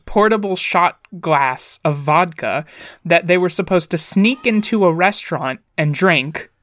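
A woman with a lowish voice that swings widely in pitch, spinning a funny story for her podcast co-hosts. She laughs often and swears freely. The sound is dry and close, with no room echo. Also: lively intonation, measured pace, a bit bright. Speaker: podcast co-host. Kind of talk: casual comedic chat. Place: basement.

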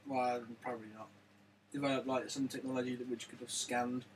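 A man's voice: mid-range voice, level tone, a little fast, far from the mic, slight background noise, low-quality recording. A man co-hosting a casual film chat, blunt and sweary with chuckling asides. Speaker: podcast co-host. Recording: voice a little away from the mic.

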